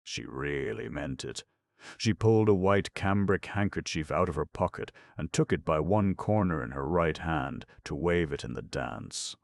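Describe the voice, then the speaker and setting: A man narrating an audiobook in a measured, steady reading. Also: extremely low pitch, creaky, dry recording. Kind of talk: scripted narration.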